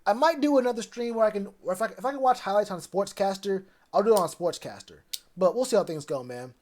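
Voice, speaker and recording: A man's voice: high-pitched, animated, fast talker, darkish tone. A man chatting loosely on a live stream about football, rambling with plenty of fillers. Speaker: sports streamer. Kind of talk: casual live stream chat.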